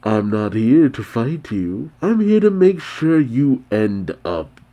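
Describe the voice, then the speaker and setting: Man voicing a smug schemer, slow, mellow, dark-toned, manga read-aloud. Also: medium pitch, sing-song. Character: smug scheming male villain.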